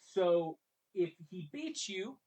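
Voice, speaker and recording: A podcast host walks through a video game's story in an easy, chatty retelling. The voice sits at a middle pitch, and the telling stays lively, with brief dips into character voices. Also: husky. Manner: chatty and animated, drops into quick character voices.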